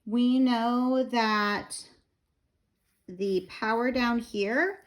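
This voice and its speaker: A woman, tired and a little out of breath, slowly explaining a math lesson step by step with fillers. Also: on the high side, steady tone. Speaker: math teacher.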